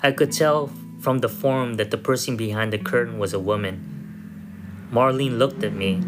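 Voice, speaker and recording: A man narrating a first-person story in a measured, somber way. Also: medium pitch. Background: soft guitar music.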